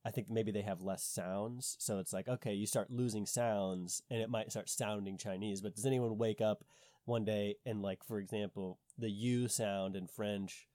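A man talking casually with a low, mellow, darkish voice. He questions things skeptically and thinks out loud, restarting his sentences. The sound is dry and close. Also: fairly even intonation, normal speed, no room sound. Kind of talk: casual conversation.

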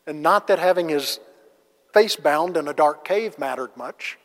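A man's voice: on the high side, animated, measured pace. A man teaching a conversational Bible lesson, casual and asking the class rhetorical questions. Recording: long reverb of a large hall.

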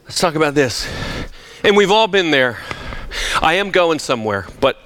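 Bright-voiced, animated preacher man. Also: fairly high pitch, moderate pace. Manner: emphatic, animated, with frequent restarts. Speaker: pastor. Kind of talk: sermon. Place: church sanctuary.

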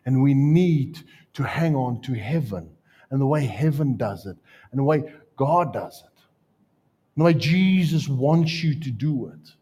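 A man with a South African accent preaching a sermon, telling stories with jokes and lively asides. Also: medium pitch, unhurried, slightly rough. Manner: storytelling, joking, animated asides. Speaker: pastor.

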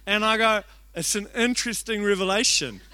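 A young man, a youth pastor telling a story in an energetic sermon, excitable and shouting out the lines he quotes. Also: high voice, moderate pace, clean tone. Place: church hall.

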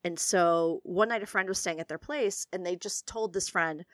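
Woman on a podcast, lowish voice, dry close mic, tells stories with lots of ums. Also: normal speed, no echo. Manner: chatty, laughs often, trails off with fillers. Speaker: podcast co-host. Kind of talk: casual storytelling chat.

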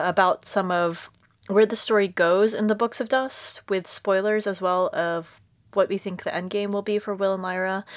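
A woman co-hosting a podcast, recapping a series in casual chat, emotional and candid, swearing freely. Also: mid-range voice. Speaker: podcast co-host.

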